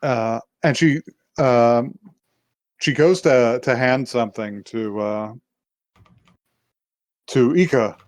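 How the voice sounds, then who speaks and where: A man at a mid-range pitch retells a story in a loose, meandering way, with frequent fillers and little restarts. He dips into quick impressions of the characters as he goes. The sound is dry and close, with no room around it. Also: dry recording. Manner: rambling retelling with many fillers, acting out quoted lines. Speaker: podcast co-host. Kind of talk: casual episode recap.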